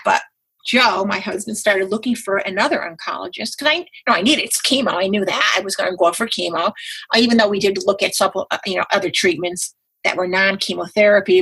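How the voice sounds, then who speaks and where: Bright, husky woman telling a lively story. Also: low-quality recording. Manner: animated, acts out quoted dialogue with big pitch jumps. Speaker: guest, patient advocate. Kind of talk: casual interview storytelling.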